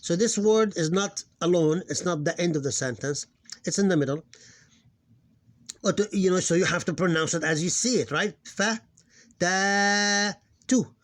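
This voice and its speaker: A man teaching a casual recorded lesson, often hesitating, repeating words and slowing down to sound out syllables. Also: on the high side. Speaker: Arabic teacher.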